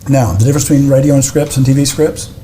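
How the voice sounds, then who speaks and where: A man's voice: medium pitch, fairly even intonation, fast, warm tone, a little hiss or hum. An older man explaining advertising in a conversational teaching style, emphatic and step by step. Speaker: advertising expert guest.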